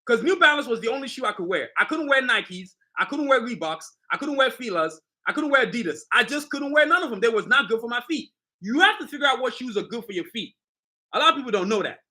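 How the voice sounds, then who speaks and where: A middle-aged man hosts a casual live stream, showing off his sneakers and hyping them to viewers. His voice sits high and sounds bright. He talks with swagger and loose street slang. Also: very animated, quick pace. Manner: hyped, boastful street slang, addresses viewers directly. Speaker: sneaker designer and channel host.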